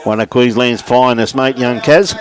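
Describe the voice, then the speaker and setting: A man's voice: mid-range voice, moderate pace. Chatty Australian bowls commentator man. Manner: chatty, greets viewers by name. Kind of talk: live sports commentary. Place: indoors at a bowls club.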